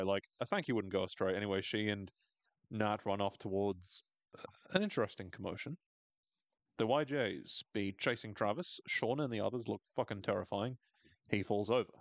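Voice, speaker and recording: A man hosting a podcast, recapping a TV episode in casual, animated talk, swearing and laughing often. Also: fairly low pitch, dry recording. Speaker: podcast host.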